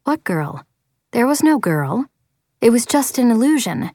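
A woman voicing a calm, gentle female music teacher who speaks softly and sometimes in a hushed whisper. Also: on the high side, measured pace, no echo, clean studio sound. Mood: soothing. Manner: soft, hushed, partly whispered.

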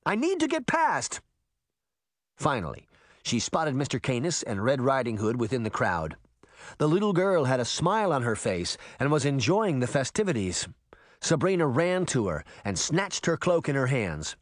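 A man narrating a storybook aloud in an expressive, storytelling manner. His pitch rises and falls in an animated way. The recording is dry and close, with no room sound. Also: moderate pace, no echo. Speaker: audiobook narrator. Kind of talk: audiobook narration.

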